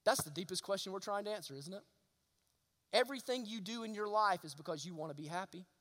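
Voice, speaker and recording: Man, sermon, very high pitch, emphatic, long hall reverb. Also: expressive, fast. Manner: emphatic, rhetorical questions, swings from loud to hushed. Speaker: preacher.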